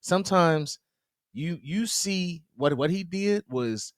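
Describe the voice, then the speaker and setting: A man tells stories on a podcast, his voice leaping up when he gets excited and dropping low for asides. He talks loosely and slangily, close to the mic in a dry, dead room. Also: slow pace, no echo. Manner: animated storyteller, quotes people in his own voice; loose slangy talk with frequent "you know what I'm saying". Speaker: podcast co-host. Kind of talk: casual chat.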